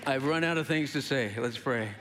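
A man from the Midwest telling a story in a sermon, animated, laughing often and acting out the people in it. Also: medium pitch, moderate pace, music in the background, a crowd in the background. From American Midwest. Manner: animated, laughing, acts out voices. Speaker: preacher.

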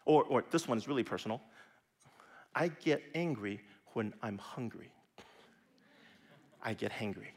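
A middle-aged man preaching a sermon in a conversational way, often dropping to a soft, near-whispered voice for emphasis. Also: medium pitch, moderate pace, pauses often. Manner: lively, conversational preaching with sudden soft drops. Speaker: pastor.

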